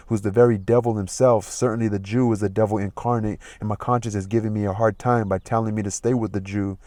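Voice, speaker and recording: A man's voice: fairly low pitch, warm tone, dry recording, close to an everyday voice. A man voicing a comic young male servant, reading the old lines plainly and then retelling them in everyday speech. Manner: reads old verse plainly, then retells it in modern slang.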